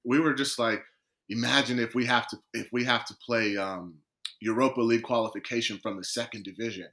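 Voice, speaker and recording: Male podcast guest with a bright, forceful voice, animated storyteller who acts out what people said. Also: medium pitch, a little fast. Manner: lively storyteller, acts out quoted conversations. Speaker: guest, professional footballer.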